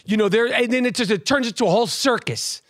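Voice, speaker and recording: A man hosting a podcast, teasing his co-host in rapid, loud banter. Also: very high-pitched, no echo, clean studio sound.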